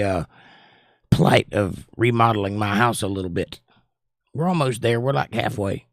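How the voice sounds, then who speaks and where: A hoarse man from North Carolina hosting a casual livestream chat, joking and rambling with viewers. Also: lowish voice, dry recording, studio quality. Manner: joking, rambling, does silly voices. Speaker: livestream host.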